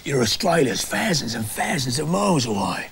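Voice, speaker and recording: A man's voice: medium pitch, very animated, normal speed, vocal fry, a bit bright, husky, exaggerated voice. A man playing a blustering London local with a London accent, full of cockney slang.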